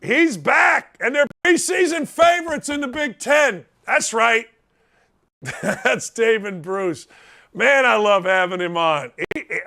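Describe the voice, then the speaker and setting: Male sports talk host, high bright voice, loud and emphatic. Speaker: show host.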